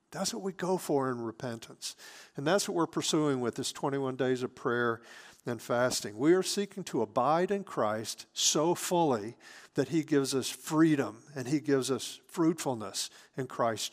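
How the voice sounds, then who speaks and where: A pastor with a medium-pitched voice preaches earnestly, shifting between emphatic lines and hushed, almost whispered asides.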